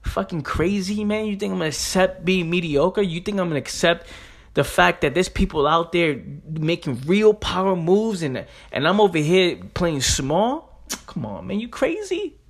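A fired-up man from New York hosts a motivational podcast monologue in a slightly high voice at a moderate pace. He speaks emphatically, uses street slang, and repeats phrases.

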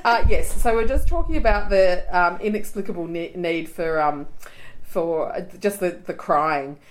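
A woman's voice: on the low side, normal speed, poor audio. Chatty woman podcast host. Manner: chatty storyteller, laughs often. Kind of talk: casual chat.

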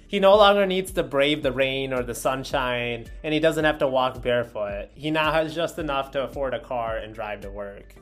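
A man hosting a video, reading an article aloud with wry, joking asides in casual commentary. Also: a little high.

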